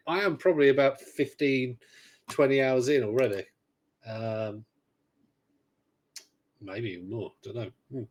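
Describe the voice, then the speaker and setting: Male podcast co-host, mid pitch, loose rambling chat with dry sarcasm. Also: measured pace, pauses often, a little mellow. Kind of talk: casual chat.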